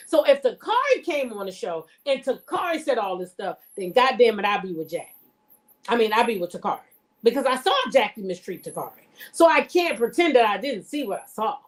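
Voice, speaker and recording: Blunt, animated woman vlogger. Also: medium pitch. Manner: blunt, profane, emphatic; addresses viewers directly. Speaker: vlogger reacting to reality TV. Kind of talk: casual storytelling commentary.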